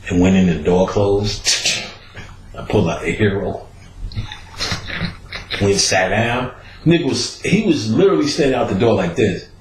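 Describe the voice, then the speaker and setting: A man telling a street story in a casual, profane, streetwise way, often laughing at his own tale. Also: lowish voice. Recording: roomy echo.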